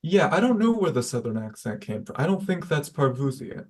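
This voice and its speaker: A man's voice: medium pitch, big pitch swings, brisk, a little mellow. A man with a mid-range voice plays a spellcaster in a tabletop game. He speaks politely and a little formally while in character. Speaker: player. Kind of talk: in-character tabletop role-play.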